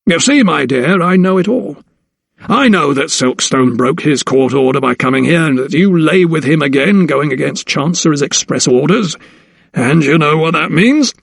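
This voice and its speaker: A man's voice: fairly high pitch, lively intonation, moderate pace, vocal fry, husky, no room sound, full character voice. A cold, domineering older lawyer, as a male narrator plays him, speaking with haughty condescension. The reading is dry and close.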